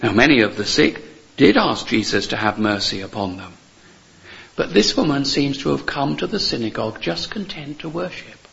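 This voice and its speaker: A man's voice: mid-range voice, expressive, normal speed, vocal fry, fairly bright tone, highs cut off. A man preaching a sermon in an earnest, emphatic way, repeating key phrases and asking rhetorical questions.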